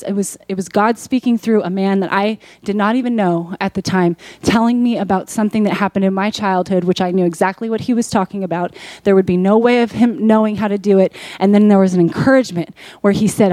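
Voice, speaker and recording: A woman's voice: medium pitch, a little fast, few pauses, dark tone, no room sound. A woman pastor preaching a sermon in a conversational way that rises to emphatic peaks.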